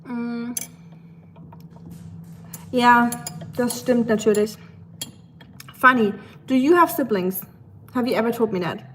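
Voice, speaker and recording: A woman's voice: fairly high pitch, slight background noise. A young woman from Germany's Black Forest with a German accent, chatting casually with viewers on a livestream and reading their comments, with lots of fillers. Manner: chatty, switches between English and German, many fillers. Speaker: livestream host.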